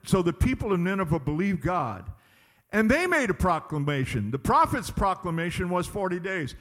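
High-voiced preacher in a reverberant hall. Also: male voice, sing-song, a bit bright. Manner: emphatic preaching, drawn-out words. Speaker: pastor. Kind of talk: sermon. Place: church sanctuary.

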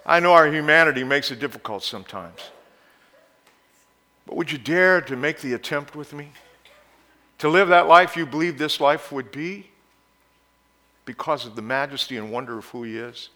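A male pastor preaching a sermon. He moves from quiet, intimate passages to loud exhortation and leads the congregation in call-and-response. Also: a little high, moderate pace, long pauses.

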